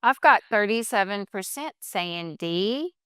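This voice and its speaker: A woman's voice: medium pitch, expressive, a little slow, fairly bright tone, clear, resonant tone, no echo, studio quality. A woman co-teaching an online class, reading out poll results and adding friendly, supportive comments. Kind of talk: virtual class lesson.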